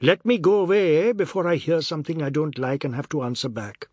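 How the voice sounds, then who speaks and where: Brief: prickly in-law making an exit, pitched up, read by a man. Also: brisk, darkish tone, breathy edge, dry recording, studio quality. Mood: huffy.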